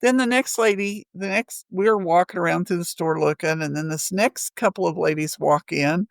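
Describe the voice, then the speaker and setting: Chatty, gravelly woman. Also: on the low side, normal speed, dry recording. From Missouri. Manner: chatty, rambling, laughs often. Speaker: podcast co-host. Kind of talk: casual storytelling chat.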